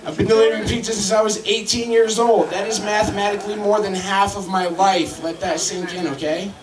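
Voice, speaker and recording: Man in his thirties, high voice, crude deadpan stand-up, echoey room heard from afar, loud crowd. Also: a little fast, far from the mic. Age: 30s. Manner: crude, deadpan joke delivery. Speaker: comedy host. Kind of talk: stand-up comedy. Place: crowded club, roomy.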